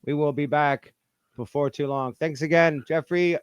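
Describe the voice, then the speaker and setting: A man's voice: on the high side, fairly even intonation, normal speed, clean tone, no echo. A man, hosting a podcast interview in a playful, teasing, mock-formal way. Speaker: podcast host. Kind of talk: casual interview.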